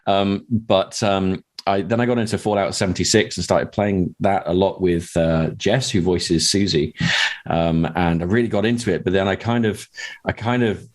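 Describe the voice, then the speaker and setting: A man's voice: deep voice, fairly even intonation, moderate pace, darkish tone. A man who writes scripts, talking in a hesitant, rambling way with many restarts. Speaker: podcast guest and script writer. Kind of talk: casual chat.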